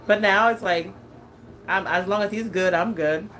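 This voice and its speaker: A woman's voice: mid-range voice, fairly bright tone, slight background noise, rough recording. A woman in her thirties chatting casually as a lifestyle vlogger, laughing often and talking with many fillers and restarts. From California. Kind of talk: casual chat.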